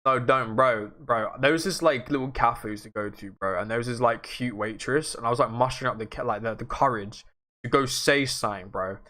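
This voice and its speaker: A man's voice: mid-range voice, fairly quick, sharp tone. Rambling young guy streaming. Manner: rambling, loose and self-mocking, swears casually. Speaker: livestream host. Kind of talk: casual livestream chat, answering viewers.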